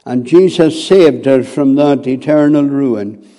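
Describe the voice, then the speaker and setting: A man preaching a sermon, slow and deliberate, with hesitant fillers between phrases. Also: medium pitch, warm tone.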